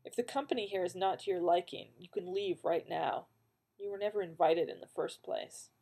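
A woman's voice: on the low side, moderate pace, dark tone. Duncan MacLeod, read by a woman. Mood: strained. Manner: tight, clipped and gruff. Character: Duncan MacLeod, grim guarded male immortal swordsman. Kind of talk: audiobook character reading.

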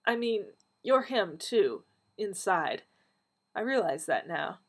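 A woman voicing Donna, a blunt, feisty woman who talks teasingly and exclaims, a little higher and louder than her narration, with a husky tone. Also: big pitch swings, takes it slowly, heavily acted.

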